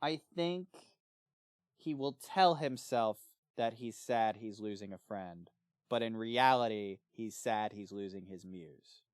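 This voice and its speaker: Smooth-voiced man chatting about a book. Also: lowish voice, slow, dry recording, studio quality. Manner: animated, acts out character lines in jokey voices. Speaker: book club podcast co-host. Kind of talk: casual book discussion.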